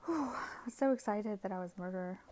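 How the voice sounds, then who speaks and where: A woman's voice: medium pitch, a little fast, darkish tone. A woman hosting a gaming channel, recapping her gameplay in a casual, rambling voice-over full of fillers and frequent giggles.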